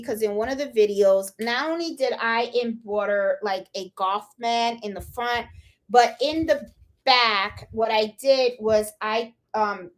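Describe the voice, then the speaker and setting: A woman with a Puerto Rican accent hosting a casual live crafting tutorial, chatty and often checking in with "okay?" while she handles her tools. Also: a little high. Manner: chatty, repeats "okay?" and "hold on"; laughs at her own fumbles while working. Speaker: crafting channel host.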